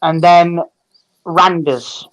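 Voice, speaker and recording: A man's voice: fairly high pitch, fairly even intonation, drawn-out words, a bit bright, lo-fi sound. A man chatting casually on a football fan show, rambling and restarting his sentences. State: tired.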